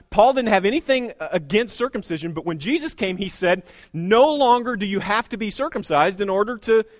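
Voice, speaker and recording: High-voiced man preaching casually. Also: dry recording, studio quality. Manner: conversational preaching, joking asides, slowing for emphasis. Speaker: pastor. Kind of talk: sermon.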